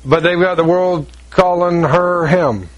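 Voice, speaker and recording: A male preacher delivers a conversational sermon, telling stories and driving points home with emphasis. His voice sits fairly high for a man. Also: unhurried.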